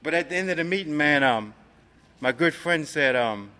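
Bright-voiced man sharing his recovery story. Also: on the high side, animated, normal speed, in a large hall. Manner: streetwise, profane, peppers talk with "man". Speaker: recovery speaker. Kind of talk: personal recovery testimony.

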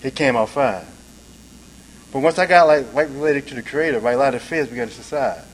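A man giving a personal recovery testimony at a meeting, talking casually and tagging lines with "man" and "right?", now soft and low, now loud and emphatic. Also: a little fast, a little hiss or hum, poor audio. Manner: conversational, peppers talk with "man", "right?" and "you dig?"; swings between soft, low passages and louder, emphatic ones. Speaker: speaker sharing at a recovery meeting.

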